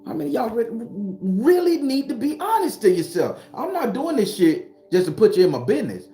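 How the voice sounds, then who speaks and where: A man's voice: very high-pitched, very animated, fairly quick, warm tone, faint music behind. Blunt, profane man preaching in an echoey room. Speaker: spiritual vlogger and tarot reader. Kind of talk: casual motivational monologue. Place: sitting behind his home studio.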